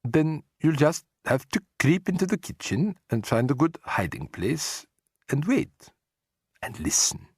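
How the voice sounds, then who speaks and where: A man's voice: a little high, very animated, darkish tone, husky, no echo, clean studio sound, pitched above the performer's own voice, heavily acted. A man doing a prim elderly grandmother. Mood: gentle. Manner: prim, deliberate. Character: brisk proper elderly grandmother. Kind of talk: audiobook character voice.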